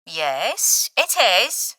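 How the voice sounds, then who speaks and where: A woman's voice: lowish voice, huge pitch swings, extremely slow, pushed and bright, slightly rough, dry recording, clean studio sound, heavily acted. A woman voicing a guarded middle-aged Irish mother on the phone, with an Irish accent and a clipped, wary way of talking.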